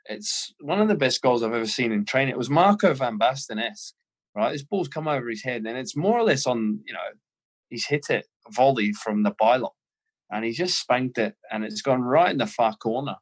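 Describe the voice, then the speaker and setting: An Australian man in his thirties, a former footballer, telling lively anecdotes as a guest in an interview. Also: mid-range voice, brisk. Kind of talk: casual storytelling interview.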